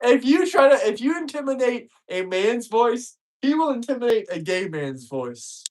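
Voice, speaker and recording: A man's voice: very high voice, sing-song, normal speed. A man co-hosting a casual call-in chat, mocking and pleading with the guest. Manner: mocking, pleading, laughing along. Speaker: co-host.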